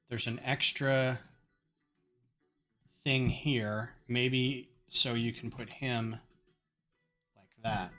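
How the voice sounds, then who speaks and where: A man's voice: medium pitch, bright, forceful tone. A man chatting casually on a live stream while building a brick set, telling wry stories between build remarks.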